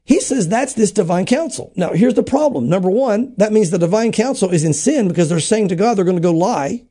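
A man, a pastor, teaching the Bible in a podcast conversation, acting out scripture dialogue in quick quoted voices and often restarting his sentences. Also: high voice, lively intonation, dark tone, slightly rough. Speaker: pastor, show regular.

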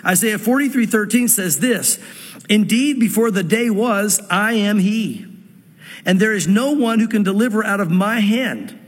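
Male pastor preaching, husky voice, slow scripture reading with quick asides, echoing church hall. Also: high-pitched, expressive. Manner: reads scripture slowly, then explains it in quick asides. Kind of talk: sermon.

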